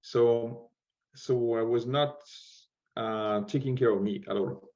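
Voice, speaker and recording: A man from France with a French accent, speaking English as a second language, halting and searching for words as a guest speaker. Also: mid-range voice, steady tone, a little mellow. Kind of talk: conference talk. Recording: dull lo-fi sound.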